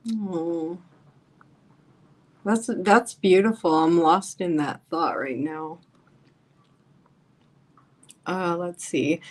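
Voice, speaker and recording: A woman hosts a casual live stream, reading viewer comments aloud and reacting to them. She is chatty and emphatic, her voice somewhat low and getting worn, and she takes her time, talking slowly.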